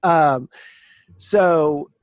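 A man's voice: on the high side, very slow, no echo. Dry-sounding casual game master man. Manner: casual, filler-heavy narration. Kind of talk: narrating a tabletop game.

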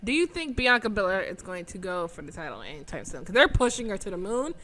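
A woman co-hosting a casual chat, excitable and swearing freely as she acts out her own reactions. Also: mid-range voice, fast talker. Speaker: podcast co-host.

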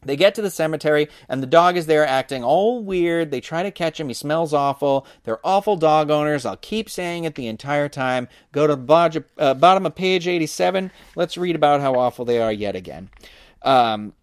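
A man's voice: fairly high pitch, animated, moderate pace, clear, resonant tone, no echo. A man hosting a podcast, recapping and reading a book aloud with wry, dry asides. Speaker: podcast host.

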